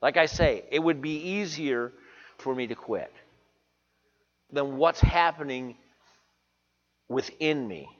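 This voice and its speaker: A man's voice: fairly high pitch, takes it slowly, long pauses, in a large hall. Earnest male preacher, dull recording. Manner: earnest, confessional, repeats phrases for emphasis. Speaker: pastor. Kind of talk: sermon.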